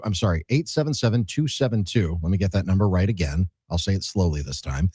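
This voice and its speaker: A man's voice: low voice, animated, warm tone, husky, no echo. Dry-voiced male sports radio host. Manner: conversational, quick to correct himself. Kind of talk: casual sports talk and fundraiser reads.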